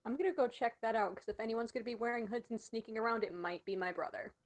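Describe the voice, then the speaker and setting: A woman's voice: on the high side, fast. A woman player in a tabletop game who banters casually and speaks bluntly, with swearing.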